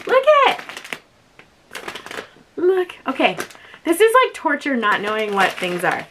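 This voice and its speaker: A woman's voice: a little high, noisy background. A young woman vlogging an unboxing in casual chat, gushing and bubbly, saying "like" often. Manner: gushing, bubbly, says "like" a lot. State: a bit out of breath.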